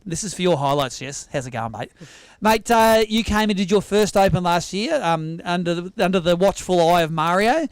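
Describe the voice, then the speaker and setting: An Australian man hosting a fishing weigh-in, bantering in an energetic, teasing way. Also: high-pitched, smooth, no room sound. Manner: energetic, teasing, quick-talking. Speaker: weigh-in host. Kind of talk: live tournament emcee banter. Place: outdoor weigh-in stage at a sailing club.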